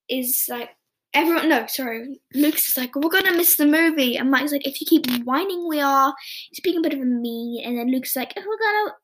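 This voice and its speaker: Girl rambling through a show recap on her podcast, high voice, lots of "like" and restarts. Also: fairly bright tone. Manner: chatty, rambling with self-corrections. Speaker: podcast host. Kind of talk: casual episode recap.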